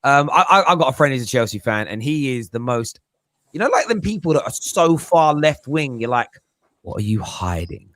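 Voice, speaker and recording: A man chatting casually as a football podcast pundit, animated and joking, slipping into mimicking voices. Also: fairly high pitch, brisk, dry recording.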